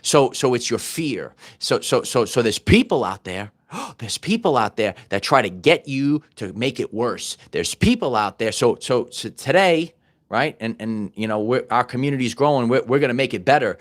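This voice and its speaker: A middle-aged man hosting his own channel preaches an off-the-cuff motivational monologue that is loose, repetitive, and full of stumbles and restarts. His medium-pitched voice is very animated and moves at a normal speed.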